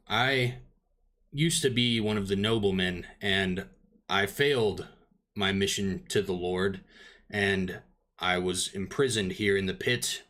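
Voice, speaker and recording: Brief: man doing a bitter fallen noble turned prison overseer, lowish forceful voice, stern and curt. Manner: stern, explanatory, short-tempered.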